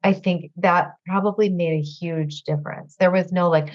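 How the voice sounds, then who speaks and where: A woman with a somewhat low voice shares her recovery story in a candid, halting way, leaning on fillers as she searches for words. She sounds teary. The audio is dull and lo-fi. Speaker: guest sharing recovery story. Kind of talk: emotional personal storytelling.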